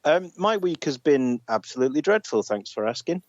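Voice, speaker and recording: A man's voice: on the high side, very animated, a little fast, a little mellow, no echo. A man chats as a regular podcast co-host, wry and grumbling as he tells his stories. His voice sounds dull and dry, like a lo-fi home mic with no room in it. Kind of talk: casual podcast chat.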